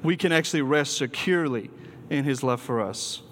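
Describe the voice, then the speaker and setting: A man's voice: mid-range voice, normal speed, a bit bright. A man preaching a sermon to a student gathering, earnest and emphatic, with occasional ums and restarts. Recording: long hall reverb.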